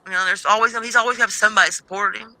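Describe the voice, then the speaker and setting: A man's voice: sits high, steady tone, racing, pushed and bright, no echo, low-quality recording. A man in casual gossip chat, laughing often and acting out what others said.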